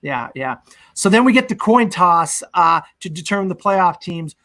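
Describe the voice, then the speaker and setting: Young male co-host, a bit high, rambling plot recap, casual. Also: animated, moderate pace, sharp tone. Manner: rambling recap with fillers, acts out quotes. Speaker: podcast co-host. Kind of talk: casual movie discussion.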